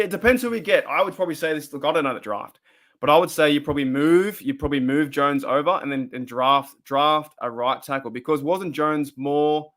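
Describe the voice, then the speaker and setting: This fan show host is an Australian man running a laid-back livestream, wandering from topic to topic and reading out chat comments. He speaks with a fairly high, slightly bright voice.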